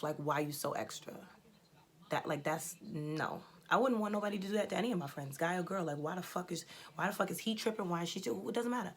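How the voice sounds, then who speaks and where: A woman's voice: on the low side, slight background noise. A woman in her twenties telling a personal story in a casual, blunt, chatty way, swearing freely. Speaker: storytelling vlogger.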